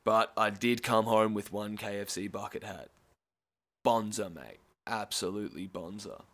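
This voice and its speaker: A young Australian man tells a rambling story in a loose, laid-back way, full of swearing and quick laughs. His voice sits a little low for a man. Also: fairly bright tone. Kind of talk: casual storytelling.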